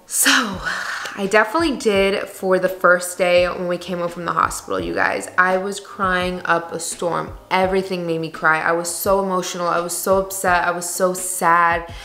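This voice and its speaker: A woman's voice: on the low side, steady tone, moderate pace, bright, forceful tone. A young woman vlogging in a candid, chatty way, full of "like" and "you guys.". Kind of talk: casual chat to camera. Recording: echoey room.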